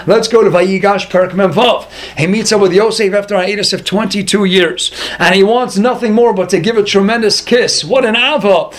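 A man teaching a Torah lecture, asking questions and answering them himself, his voice jumping up in excited peaks. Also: brisk, few pauses. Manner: animated, with excited high-pitched peaks.

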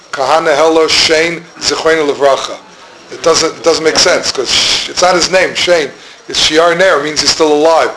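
A middle-aged man gives an informal, rambling Talmudic lecture as a Torah class, mixing Hebrew and Yiddish terms. His voice is a little high for a man, and he frequently stalls while searching for words. Steady background noise runs through the room recording.

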